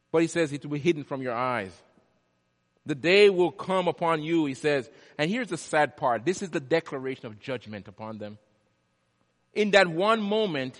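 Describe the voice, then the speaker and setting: Male pastor, fairly high voice, hushed-to-booming sermon delivery, long church reverb. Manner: preaching with sharp swings from hushed to loud. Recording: long echo of a large hall.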